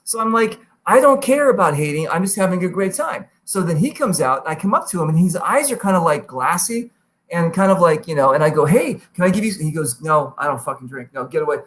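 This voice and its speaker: A man hosting a podcast, telling stories in a casual, animated way, swearing freely and jumping into high-pitched quoted voices. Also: a little fast. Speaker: podcast host. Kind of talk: casual storytelling chat.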